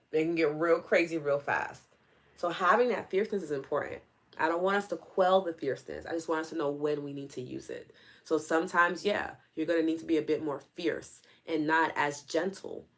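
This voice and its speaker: Low-voiced woman coach chatting to viewers. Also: a bit bright. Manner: conversational, with many fillers like "like" and "you know"; speaks directly to viewers by name. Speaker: EFT coach hosting a live session. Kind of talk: casual live-stream talk answering viewer comments.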